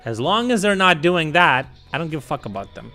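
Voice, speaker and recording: Man, profane streamer ranting, bright forceful voice, faint music behind. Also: fairly high pitch, big pitch swings, fairly quick. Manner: angry, swearing, loud outbursts. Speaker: streamer reacting to videos. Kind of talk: profane reaction commentary.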